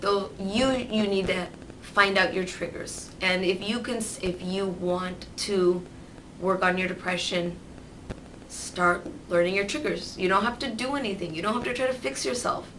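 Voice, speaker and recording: A woman vlogging candidly, rambling and swearing freely, turning lively when she mimics others. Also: medium pitch, normal speed, a little hiss or hum, poor audio. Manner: animated, mimics voices in quotes. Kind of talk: candid personal vlog.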